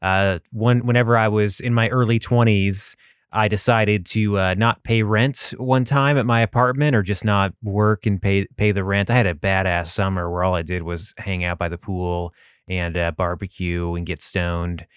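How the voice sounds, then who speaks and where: A man's voice: low-pitched, steady tone, moderate pace, clean tone, no echo, studio quality. A man in his thirties from Texas, hosting his own podcast, rambling in a self-mocking way and laughing often. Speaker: podcast host. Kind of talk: casual monologue.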